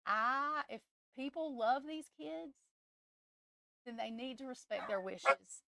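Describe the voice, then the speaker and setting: A woman's voice: a little high, slow pace, creaky, pauses often, fairly bright tone, no echo. A woman who hosts a tarot live stream, talking in a casual, emotional and blunt way that rambles.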